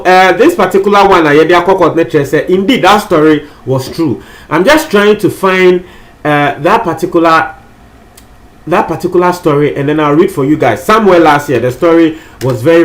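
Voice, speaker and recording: Ghanaian guy chatting through gossip news, kinda high voice, repeats himself a lot. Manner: chatty, mixes languages, repeats phrases for emphasis. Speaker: news presenter. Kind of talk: casual news commentary.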